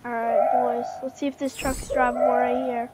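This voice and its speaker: A woman with a sore throat giving hesitant gameplay commentary, pausing often with filler sounds. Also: on the high side, flat delivery, heavy background noise. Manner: hesitant, many filler pauses. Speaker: gaming channel host. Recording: loud game music and gunfire behind.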